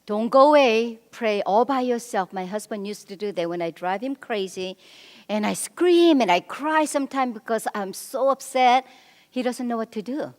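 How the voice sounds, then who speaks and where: A middle-aged woman giving a church marriage seminar, animated as she coaches the men in the audience directly. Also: a little high, normal speed. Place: church hall. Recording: long reverb of a church hall.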